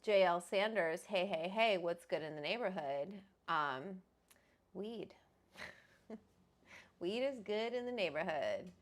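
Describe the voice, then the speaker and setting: A woman's voice: lowish voice, lively intonation, slow pace, pauses often. A woman hosting a casual livestream, chatty and rambling as she greets viewers by name. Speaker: host.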